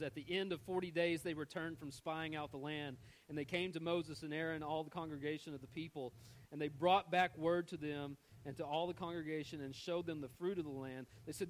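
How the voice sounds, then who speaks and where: A man's voice: fairly high pitch, rough recording. A man preaching a sermon in a conversational way, often repeating words as he searches for the next phrase. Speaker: pastor.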